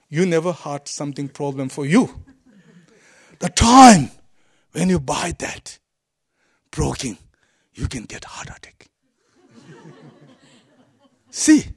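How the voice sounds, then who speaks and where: A man teaching as a Buddhist monk, speaking halting English that is not his first language, often pausing to find a word and chuckling through his points. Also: on the high side. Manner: broken English, often gropes for words. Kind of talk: dharma talk to a group.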